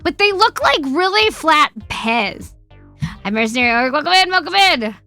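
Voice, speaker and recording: A woman's voice: high voice, sing-song, moderate pace, sharp tone, soft background music. A woman streamer in casual live-stream chat, reading viewer questions aloud and answering with profane, teasing banter. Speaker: streamer host.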